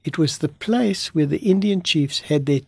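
A man, a pastor from Africa, telling a story in an animated way and acting out the dialogue. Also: on the high side, moderate pace, vocal fry, husky, dry recording. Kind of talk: storytelling testimony in an interview.

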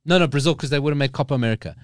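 A man in his forties telling a story in a casual podcast chat, animated and emphatic, often repeating himself for weight. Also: medium pitch, very fast, no room sound, clean studio sound. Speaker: podcast guest.

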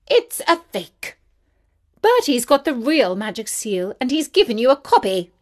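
A woman voicing a wicked, scheming queen in a storybook reading, shrill and accusing. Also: big pitch swings, a little slow. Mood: scornful.

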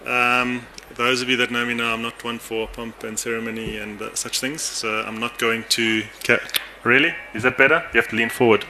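A man's voice: mid-range voice, steady tone, normal speed, few pauses, pushed and bright, slight background noise. A man chairing a conference session, chatty and self-deprecating with many fillers, speaking into a stage microphone in a conference hall. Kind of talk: informal introduction.

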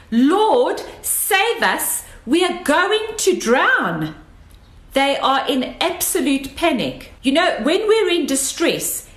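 A woman delivers a sermon at a slow, deliberate pace, repeating phrases for emphasis. Her voice sits a little high. The sound carries a noticeable room echo. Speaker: preacher. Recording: echoey room.

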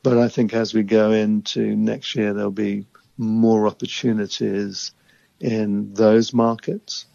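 Man, lowish gravelly voice, measured analytical answers, dull dry lo-fi sound. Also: flat delivery, mellow, no echo. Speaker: emerging markets equity investor. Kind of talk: interview answers.

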